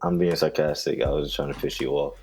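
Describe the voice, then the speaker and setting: A man's voice: a bass voice, fairly even intonation, fairly quick, music in the background. A man co-hosting a sports podcast, talking in opinionated, teasing casual chat. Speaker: podcast co-host.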